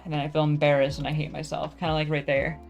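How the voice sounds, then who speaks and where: A woman's voice: low voice, level tone, quick pace, creaky, muffled recording, soft background music. A young woman chatting casually on her vlog, rambling, self-deprecating and swearing freely with lots of fillers. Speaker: vlogger.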